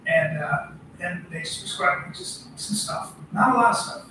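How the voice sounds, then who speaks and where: A middle-aged man co-hosting a podcast, telling animated stories in casual, swearing chat. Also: high-pitched, normal speed, distant mic, background noise. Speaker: podcast co-host. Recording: echoey room from off-mic.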